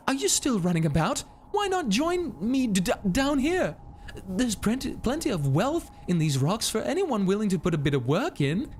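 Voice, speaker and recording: A man's voice: high-pitched, darkish tone, slight background noise, voice pushed up. A man voicing a cheerful young female miner bug in a put-on British accent, chirpy and sing-song.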